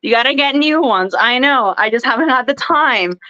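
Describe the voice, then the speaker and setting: A young woman from Puerto Rico with a high, bright-sounding voice tells stories as a podcast guest, giggling and animated. Her voice comes through a dull, lo-fi connection. The sound is dry, with no room around it. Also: moderate pace, no room sound. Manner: chatty, giggly, animated storyteller. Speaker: guest, professional wrestler. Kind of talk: casual interview chat.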